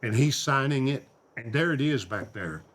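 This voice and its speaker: Older guy spinning stories, average pitch, animated. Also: normal speed. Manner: animated storyteller, quotes friends in their voices. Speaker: host, singer and painter. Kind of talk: storytelling conversation.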